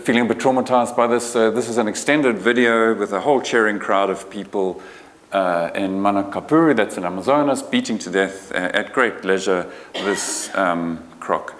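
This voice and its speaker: A man giving an informal conference talk as a conservation researcher, joking, colloquial and often restarting his sentences. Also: fairly low pitch. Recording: long hall reverb.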